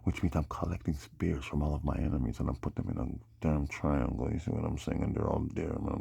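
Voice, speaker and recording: A man's voice: rumbling low, fairly even intonation, brisk, gravelly, hardly any pauses, warm tone, husky, dry recording. A man delivering a rambling solo monologue, drawling and often breaking off with a questioning "hmm?". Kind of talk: rambling monologue on names and prophecy.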